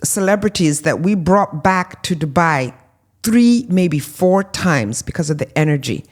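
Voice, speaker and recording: A woman, a guest in an interview, telling lively stories with many ums and restarts and acting out what people said. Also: on the low side, measured pace. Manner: animated storyteller, acts out quoted voices. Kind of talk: conversational interview.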